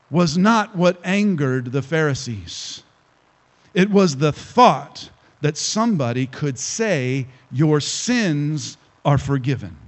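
A male pastor preaching a sermon to a congregation, emphatic and slowing down to stress key phrases. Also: fairly high pitch. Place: church hall with congregation.

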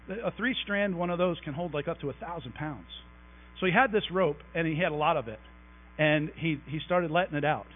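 Animated preacher with a high voice, tinny recording. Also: male voice. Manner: conversational, animated preaching with asides to the congregation. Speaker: pastor. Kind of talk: sermon. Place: church sanctuary. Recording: tinny phone-like recording with mains hum.

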